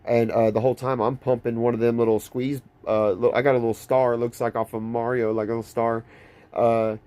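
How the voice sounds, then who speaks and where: A man's voice: medium pitch, level tone, brisk, dark tone. A young man talking straight to camera in a casual vlog, rambling and intense, with many restarts. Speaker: vlogger.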